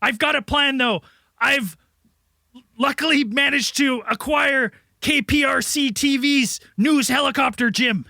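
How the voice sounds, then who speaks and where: A man's voice: very high voice, a little slow, vocal fry, no room sound, studio quality, exaggerated voice. A man playing a frantic swearing base commander. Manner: yelling, swearing, blustering. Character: frantic shouting male US military base commander. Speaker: podcast host.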